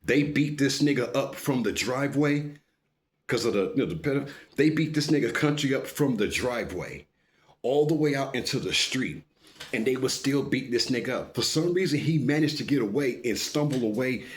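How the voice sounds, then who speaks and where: A man spinning a street story with loose, profane energy, stopping often to make sure the listener keeps up. His voice sits at an ordinary middle pitch. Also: expressive, normal speed.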